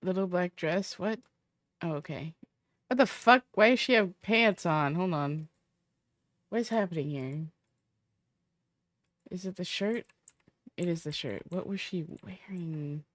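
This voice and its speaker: A woman with a fairly low pitch and lively intonation speaks a little slowly, pausing often, with no room sound. As a streamer setting up a roleplay character, she chats with viewers in a casual, profane ramble partly aimed at herself.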